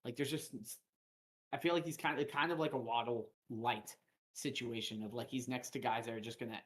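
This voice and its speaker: A man's voice: medium pitch, fairly even intonation, a little fast. A man hosting a live fantasy football stream, chatting loosely with lots of fillers and restarts, recorded at a home setup on a desk mic. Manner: loose, filler-heavy analysis with frequent restarts. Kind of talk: casual live-stream chat.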